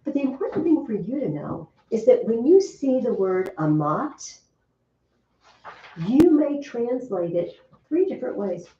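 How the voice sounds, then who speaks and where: Woman teacher, animated and mellow-toned, heard from a distance in a dull, roomy classroom recording. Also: a little high, a little slow, a little hiss or hum. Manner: lively, chatty teacher asking the class questions. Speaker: Latin teacher. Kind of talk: classroom lesson.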